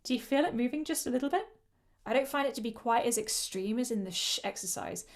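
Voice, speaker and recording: Speaking fast in an animated, fairly high voice, a female choral coach runs an online vocal workshop. She walks through breath control and shows it in action with shushing sounds.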